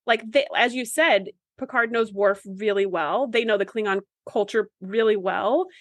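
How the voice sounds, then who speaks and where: A woman's voice: medium pitch, normal speed, dry recording. A woman co-hosting a podcast in casual chat, earnest and emphatic. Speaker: podcast co-host.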